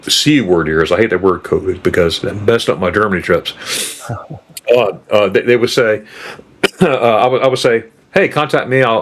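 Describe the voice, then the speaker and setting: Rambling, lower-voiced man in his fifties. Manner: rambling storyteller with many restarts and asides. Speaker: travel channel host. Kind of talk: casual chat.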